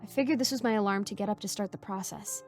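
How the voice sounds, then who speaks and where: A woman's voice: mid-range voice, quick pace, a little mellow. A woman narrating a creepy first-person horror story in a tense storytelling manner. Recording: music bed under voice.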